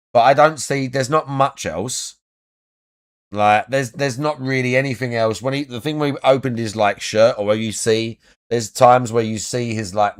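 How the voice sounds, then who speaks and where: A young man giving crude, mocking commentary, laughing often and trailing off into restarts. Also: mid-range voice. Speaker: online commentator.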